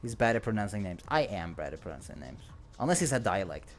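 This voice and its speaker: Male streamer with an accent, jokey and rambling, very expressive pitch, faint background music. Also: fast. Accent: non-native English accent. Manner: rambling, jokey, laughs often. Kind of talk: casual livestream chat.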